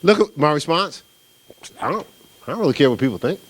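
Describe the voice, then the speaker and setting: Brisk and husky, with a pitch on the high side, a middle-aged New Jersey pastor preaches. His manner is that of an animated storyteller, easygoing and chatty, with frequent "right?" tags.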